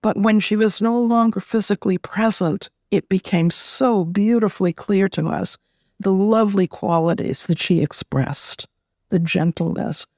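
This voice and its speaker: A middle-aged woman being interviewed, telling a personal story in a gentle, reflective way and often repeating words as she gathers her thoughts. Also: medium pitch, unhurried, no echo, clean studio sound. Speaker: interview guest.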